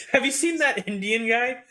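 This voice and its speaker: A man's voice: extremely high pitch, pushed and bright. A young man co-hosting a podcast in casual chat, laughing often and rambling with lots of fillers. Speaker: podcast co-host.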